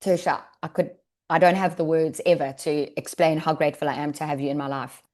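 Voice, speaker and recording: A woman's voice: deep voice, steady tone, brisk, a little mellow. A woman giving a heartfelt recognition speech on a business call, earnest and emotional, close to tears. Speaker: wellness business leader sharing her success.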